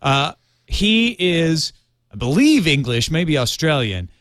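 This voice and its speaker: American podcast guy, lively up-and-down voice, lots of ums, dead dry sound. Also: a little high, slow pace, dry recording. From United States. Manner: hesitant, lots of ums and uhs, jokey. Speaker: podcast co-host. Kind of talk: casual chat.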